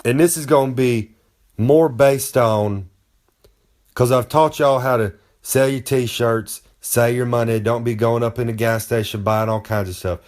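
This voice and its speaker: A man's voice: mid-range voice, fairly even intonation, unhurried, darkish tone. A man giving a comic, boastful monologue. He rambles in a folksy way and talks about himself in the third person. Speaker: wrestler giving comic advice.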